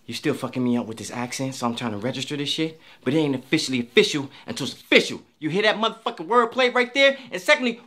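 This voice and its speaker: A man in a comedy sketch, loud, brash and profane, sometimes dropping to low mutters. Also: lively intonation, quick pace, few pauses.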